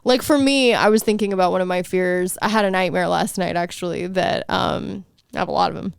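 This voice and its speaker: A woman's voice: on the low side, fairly quick, gravelly, clean tone, no room sound, clean studio sound. A young adult woman co-hosting a casual comedy podcast, rambling and sarcastic, laughing often. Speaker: podcast co-host.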